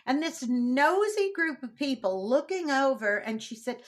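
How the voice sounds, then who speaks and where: A middle-aged woman hosting a casual talk, chatty and animated, laughing often as she speaks. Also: on the high side, moderate pace. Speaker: host.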